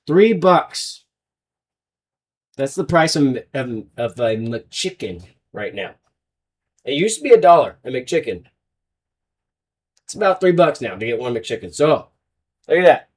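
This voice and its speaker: A man's voice: mid-range voice, very animated, measured pace, pauses often, recorded from a distance. A man hosting a sports betting show, running through his picks in a hyped, rambling, jokey way. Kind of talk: casual betting picks talk.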